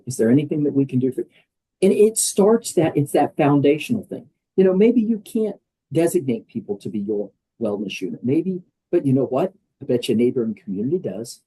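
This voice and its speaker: Older man with a dark, husky voice. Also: medium pitch, rough recording. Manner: conversational, emphatic, many fillers. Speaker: guest, wellness program leader. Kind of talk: podcast interview.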